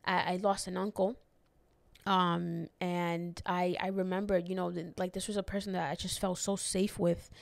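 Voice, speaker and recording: A young woman who immigrated to the United States as a child hosts her own podcast, rambling through a personal story full of fillers and restarts until she is close to tears. Her voice is fairly low with vocal fry, little pitch movement and a moderate pace, recorded with no room sound.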